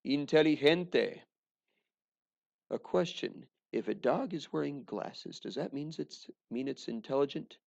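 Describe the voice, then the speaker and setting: A male teacher talks through a recorded language lesson in a very gravelly, fry-heavy voice, with dry joking asides along the way. The recording sounds dull and lo-fi. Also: medium pitch, expressive, unhurried.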